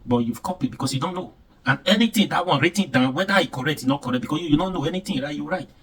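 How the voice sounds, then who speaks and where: Emphatic Nigerian man, husky and distant. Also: fairly high pitch, very fast, a bit bright. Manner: emphatic, repetitive, uses pidgin expressions. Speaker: commentator. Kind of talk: casual commentary.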